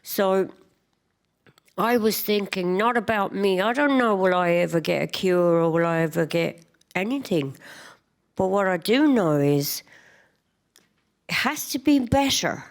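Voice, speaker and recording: An Irish woman giving a personal testimony talk at a conference, telling her story in a lively, chatty way with quick asides. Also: medium pitch. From Ireland. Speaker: conference speaker.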